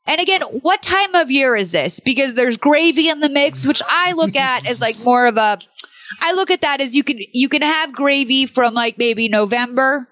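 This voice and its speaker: A woman's voice: high voice, expressive, moderate pace, a bit bright. A woman co-hosting a podcast, chatting casually and wryly while recapping a movie, with rambling asides. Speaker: podcast co-host. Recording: dull, dry, muffled sound.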